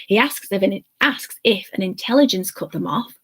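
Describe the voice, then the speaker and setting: A woman's voice: mid-range voice, expressive, moderate pace, fairly bright tone, slightly rough. A woman co-hosting a live watch-along show, giggly and sarcastic while reading out comments. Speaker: co-host.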